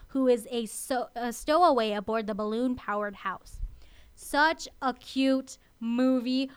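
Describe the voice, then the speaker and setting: A woman's voice: sits high, fairly bright tone, clear, resonant tone. A young woman hosting a college radio show, chatting eagerly and often tagging her points with "okay?". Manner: chatty and enthusiastic, asks okay? a lot. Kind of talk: casual radio chat.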